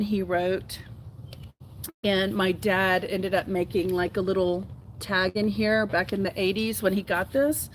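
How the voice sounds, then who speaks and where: A woman's voice: mid-range voice, fairly even intonation, takes it slowly, long pauses, a little hiss or hum, rough recording. A woman from Houston, hosting her own podcast and talking earnestly to camera in a heartfelt, rambling way. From Houston, Texas. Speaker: podcast host. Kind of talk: casual solo talk to camera.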